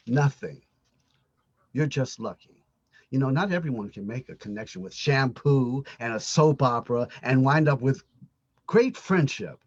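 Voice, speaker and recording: A haunted, reclusive husband, acted by a man, stumbling over his words in a husky, breathy voice. He speaks slowly and broods. The amateur audio drama has a dull, lo-fi sound. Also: mid-range voice, animated, dry recording. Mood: bitter. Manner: halting, stammering, brooding.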